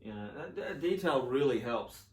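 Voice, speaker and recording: Casual piano teacher, male, mid-range voice, lots of "um", roomy sound over loud piano. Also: medium pitch, lively intonation, measured pace. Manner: casual, with fillers and sung rhythm syllables. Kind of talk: relaxed spoken piano tutorial. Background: piano playing.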